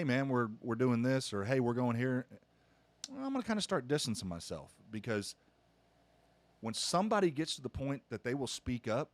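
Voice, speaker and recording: A man's voice: mid-range voice, no room sound. Middle-aged pastor guy hosting a podcast, earnest, keeps restarting, dry close sound. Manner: earnest storytelling with many restarts. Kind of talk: casual podcast conversation.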